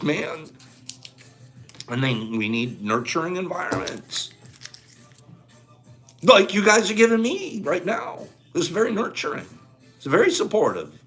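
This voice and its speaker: Man reading aloud, unhurried, sentimental asides, laughing, close to tears. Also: medium pitch, very animated, fairly bright tone, faint music behind. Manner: gushing, gets carried away, near tears; laughs often, talks to listeners. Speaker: book reader. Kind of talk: reading aloud with emotional commentary.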